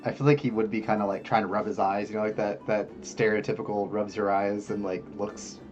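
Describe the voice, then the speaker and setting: A man's voice: on the low side, level tone, a little fast, a little mellow, lo-fi sound, soft background music. A man narrating as game master, loose and hesitant, full of filler words.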